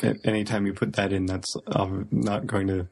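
Guy with a husky voice chatting, calm and explaining stuff. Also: lowish voice, moderate pace. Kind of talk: casual chat.

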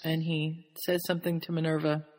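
A woman's voice: deep voice, flat delivery, brisk, a little mellow. A woman host in casual chat, animatedly recapping a story, laughing often and slipping into quoted voices. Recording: long hall reverb.

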